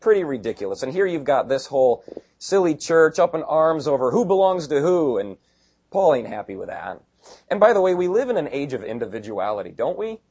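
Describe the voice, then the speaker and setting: A middle-aged man preaching a sermon in a conversational, joking way, slipping into quick voices of the people he describes. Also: on the high side, big pitch swings, darkish tone, breathy edge. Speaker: pastor.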